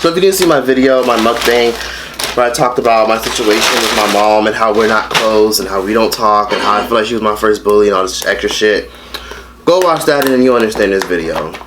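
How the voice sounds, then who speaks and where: A man vlogging casually while he eats a meal at home, talking in a blunt and expressive way and swearing freely. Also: on the low side, brisk, background noise. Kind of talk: casual mukbang chat.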